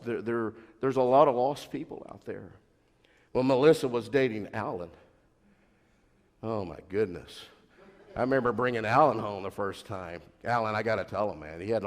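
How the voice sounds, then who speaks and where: A middle-aged man, a pastor, preaching from the front of a church and rambling through family stories with repeats, restarts and laughs. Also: mid-range voice. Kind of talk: anecdotal sermon. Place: church sanctuary. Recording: long church reverb.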